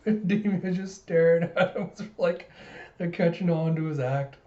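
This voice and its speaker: Guy reading manga for his reaction vid, keeps laughing, mellow voice, echoey room. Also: on the high side, measured pace, distant mic. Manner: animated retelling, laughs often. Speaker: reaction video host. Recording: roomy, slightly dull recording.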